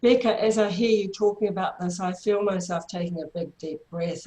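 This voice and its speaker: A woman with a New Zealand accent, a therapy trainer, calmly guiding listeners through a workshop over a video call. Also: medium pitch, brisk, few pauses, rough recording. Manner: calm, guiding, soothing. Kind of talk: online workshop presentation.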